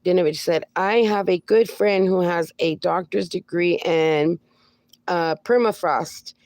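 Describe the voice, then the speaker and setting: A woman's voice: lowish voice, vocal fry, warm tone, no echo. A woman in her forties hosting a casual livestream, reading viewer comments aloud and answering them fondly, calling people "my darling" and "my friend". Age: 40s. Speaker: livestream host.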